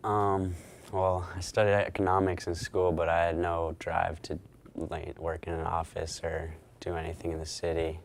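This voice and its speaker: A young man with a very deep, flat and even voice answers questions on a talk show. He pauses and thinks before he speaks, a little unsure of himself. Faint room ambience sits behind him. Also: vocal fry, a little hiss or hum. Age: young adult. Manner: hesitant, thoughtful. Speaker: gardener, business owner. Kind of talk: casual interview chat.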